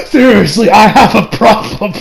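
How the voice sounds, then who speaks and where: A man giving a casual video review, excitable and rambling, full of slang and laughter. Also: sits high, slow pace, vocal fry, a crowd in the background, low-quality recording. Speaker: anime reviewer.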